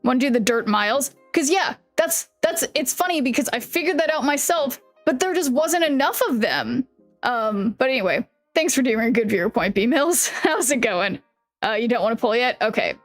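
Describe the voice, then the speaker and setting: A woman streamer chatting casually with her viewers, rambling, restarting sentences, swearing and laughing often, her voice a little worn from yelling. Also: on the high side, animated, moderate pace, faint music behind. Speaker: live streamer.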